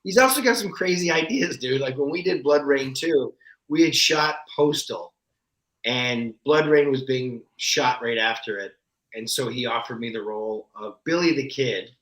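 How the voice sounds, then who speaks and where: A man talking as a guest actor, telling candid, animated stories with a self-deprecating streak. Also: medium pitch, normal speed. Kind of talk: casual interview storytelling. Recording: echoey room.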